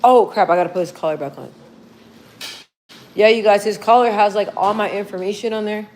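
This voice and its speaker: A young woman hosts a casual livestream, her voice sitting at an ordinary middle pitch. She talks in a loose, slangy way, addressing her viewers directly. A faint background noise hums under her voice. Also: fairly quick, darkish tone. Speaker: livestream host.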